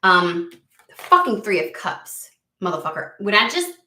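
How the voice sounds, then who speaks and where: A woman's voice: mid-range voice, very animated, moderate pace, bright, forceful tone, roomy sound. A woman giving a casual tarot reading, talking bluntly and swearing a lot in an exasperated rant. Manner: blunt, profane, exasperated ranting. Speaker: tarot reader.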